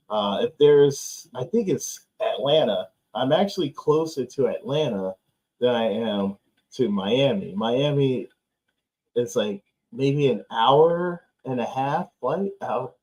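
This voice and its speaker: A man's voice: mid-range voice, a little mellow. A man hosting a live football watchalong stream, talking loosely and sarcastically, swearing and laughing often. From United States. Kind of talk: casual live-stream chat. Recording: slightly dull, lo-fi stream audio.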